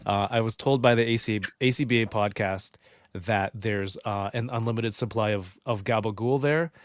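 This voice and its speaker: A man appearing as a guest on a casual livestream, telling stories with lively, playful mock indignation. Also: lowish voice, moderate pace, no room sound, studio quality.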